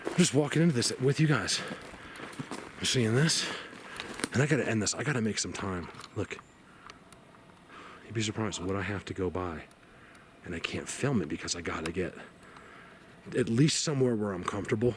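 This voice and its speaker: Out-of-breath man vlogging on a forest trail, excitable and rambling, occasional hushed whispers, noisy camera mic. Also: lowish voice, moderate pace, long pauses. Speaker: outdoor vlogger searching for Bigfoot. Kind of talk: casual walking vlog to camera. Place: forest outdoors.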